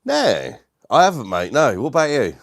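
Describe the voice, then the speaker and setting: A man's voice: mid-range voice, wildly swooping pitch, normal speed, no echo, studio quality. A British man hosting a casual live stream from his dining room, greeting viewers and chatting in a laid-back way with frequent laughs. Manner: laid-back, laughs often, says mate a lot. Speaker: livestream host.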